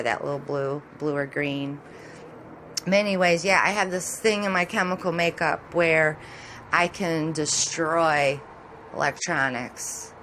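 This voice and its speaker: A woman's voice: fairly low pitch, a bit bright, a little hiss or hum. A middle-aged woman with a Michigan accent and Southern touches, chatting casually and rambling as a vlogger while commenting on sky photos, laughing often.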